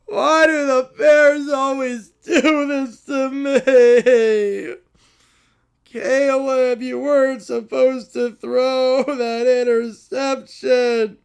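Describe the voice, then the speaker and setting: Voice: very high voice, measured pace, a little mellow. A streamer voicing a whiny toy bear, a football fan who sobs and wails over a loss, in a comedy skit on a live stream. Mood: wailing. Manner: sobbing, wailing complaints.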